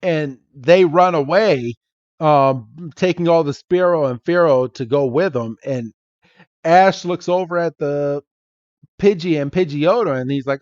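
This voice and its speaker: A man's voice: fairly high pitch, measured pace, darkish tone, no room sound, dull audio. A man hosting a podcast, playfully recapping an episode and acting out the characters' lines. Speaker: podcast host.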